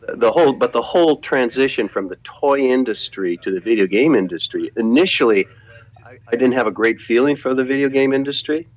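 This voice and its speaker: An older man talks over a video call, and the audio sounds slightly dull and lo-fi. He tells long, rambling stories about his career and keeps doubling back on his words. His pitch sits in the middle for a man. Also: animated, brisk. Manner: rambling anecdotes, frequent repeated words and restarts. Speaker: guest, former video game executive. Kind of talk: relaxed interview storytelling.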